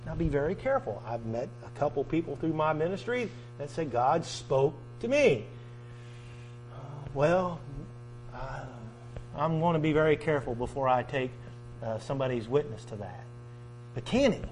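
A man with a high voice preaches a sermon, walking his listeners through scripture in an earnest, teaching way. A faint mains hum sits under his voice. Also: poor audio.

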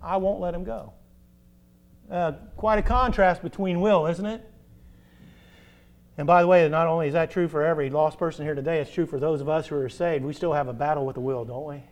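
High-voiced preacher man, emphatic. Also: fairly even intonation. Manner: emphatic preaching with rhetorical questions; swings between loud stresses and drawn-out soft endings. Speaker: pastor. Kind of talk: sermon.

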